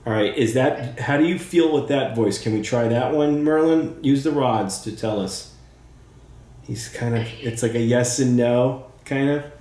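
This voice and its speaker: A man's voice: mid-range voice, a little slow, dark tone. Eager male psychic medium, echoey room. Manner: eager, thinks aloud, many fillers. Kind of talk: spirit session, talking to a spirit.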